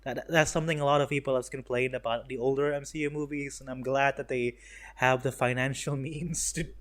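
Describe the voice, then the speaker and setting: A young man giving a casual, rambling movie review, swearing often and full of fillers and restarts. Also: mid-range voice. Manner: rambling, profane, sarcastic, lots of fillers and restarts.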